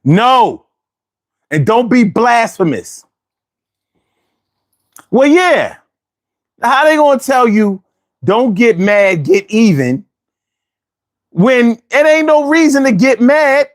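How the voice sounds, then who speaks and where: A male host talks casually to his livestream viewers, full of slang and rhetorical questions to the audience. His voice sits high and swings widely in pitch, and he takes his time between phrases. He circles back to the same lines again and again. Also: big pitch swings, takes it slowly, pauses often.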